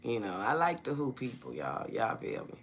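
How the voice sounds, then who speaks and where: A man's voice: fairly low pitch, wildly swooping pitch, normal speed, vocal fry, noisy background. A man talking casually to viewers on a live stream on his phone. His talk is loose and slangy, he keeps asking them "you feel me?", and he breaks off to greet people by name.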